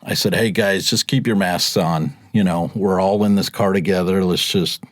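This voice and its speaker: Low-voiced chatty man. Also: steady tone, normal speed, no echo. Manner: chatty, laughs often, acts out quotes. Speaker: podcast guest, rideshare driver. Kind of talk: casual storytelling.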